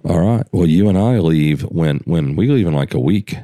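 A deep-voiced man hosts a loose, profane conversation, his pitch swinging widely as he talks. He laughs easily and keeps things relaxed. The sound is close and dry, with no room echo. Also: moderate pace. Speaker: podcast host and gun company owner. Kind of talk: casual chat.

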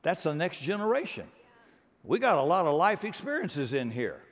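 A male pastor delivers a lively sermon with a pitch that swings widely and sits a bit high for a man. He talks casually, acts out little voices and cracks jokes. A long reverb trails his words through the church. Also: moderate pace. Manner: animated preaching with acted-out voices and jokes.

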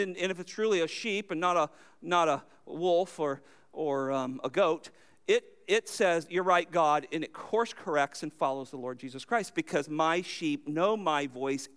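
A high-pitched man delivers a sermon with real emphasis. He poses questions to the congregation and answers them himself, his voice leaping up loud and then sinking low and soft. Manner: emphatic, swinging between loud high lines and low quiet ones. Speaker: pastor.

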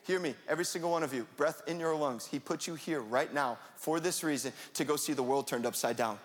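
A young man preaching a sermon in a lively, conversational way, now and then rising to a shout. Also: on the high side, a little fast. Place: church sanctuary. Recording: long hall reverb.

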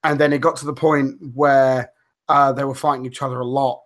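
A man chatting loosely on a podcast. He rambles, backtracks and swears freely, filling gaps with ums and uhs. His voice sits at an ordinary middle pitch. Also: flat delivery, a little fast, fairly bright tone. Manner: rambling, swears freely, many fillers and restarts. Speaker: podcast co-host. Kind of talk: casual podcast chat.

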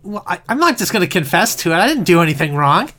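A man's voice: high voice, big pitch swings, fast, noisy background. A man playing Link, a young male hero protesting his innocence, in an improv comedy sketch. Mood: indignant. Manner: indignant, protesting.

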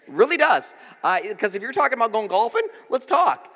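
A man's voice: sits high, very animated, moderate pace, few pauses, a bit bright. A man in his forties preaching a sermon, telling jokey stories with voiced quotes, in a church auditorium. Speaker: pastor. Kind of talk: sermon with storytelling. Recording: reverberant hall.

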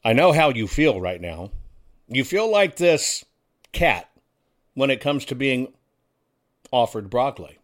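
A man's voice: medium pitch, sing-song, measured pace, pauses often. A male talk show host speaks in a folksy, combative way, often turning to the audience with rhetorical questions. His voice sits in an ordinary middle range. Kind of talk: casual talk show monologue.

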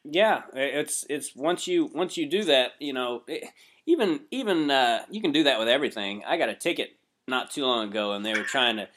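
A man's voice: mid-range voice, expressive, fairly quick, a bit bright. A man speaking in a laid-back, reflective, profane way in a casual podcast chat.

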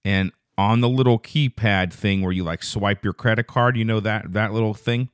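A man with a lowish voice talks alone into a dry, close mic, unspooling a long, profane anecdote. He drifts and restarts, then jumps up in pitch and speed whenever something outrages him. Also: fairly even intonation, smooth, no room sound. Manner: rambling, profane storytelling; grows loud and fast when indignant. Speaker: podcast host. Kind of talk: casual solo podcast monologue.

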